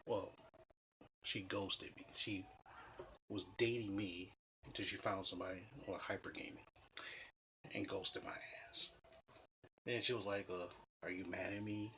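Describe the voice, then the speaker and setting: Man, lowish voice, bright forceful tone, rambling casual storytelling, lots of fillers, faint background noise. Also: steady tone, measured pace, long pauses. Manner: rambling, many "you know" fillers, blunt and profane. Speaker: vlogger.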